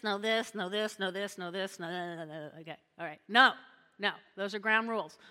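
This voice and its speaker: A woman pastor preaching a sermon in an animated, chatty way, often checking in with her listeners. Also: on the high side, long reverb tail.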